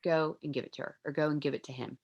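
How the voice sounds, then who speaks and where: A woman's voice: sits low, fairly even intonation, very fast, lo-fi sound. A woman leading a team video call, giving earnest, pleading encouragement. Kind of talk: motivational talk on a Zoom call.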